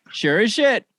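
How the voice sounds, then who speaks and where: A man's voice: sits high, noisy background. A man guesting on a podcast, joking and laughing through profane, casual banter.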